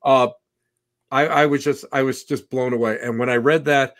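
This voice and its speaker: Excitable guy hosting a podcast, rambles a lot, gets loud then quiet, regular pitch. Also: moderate pace. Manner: enthusiastic, rambling, swings loud and soft. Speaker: podcast host. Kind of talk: casual interview.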